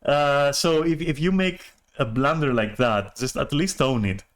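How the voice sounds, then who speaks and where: A man's voice: fairly high pitch, unhurried. A man telling a story on a stream in a rambling, profane way, full of restarts and chuckles. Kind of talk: casual storytelling rant.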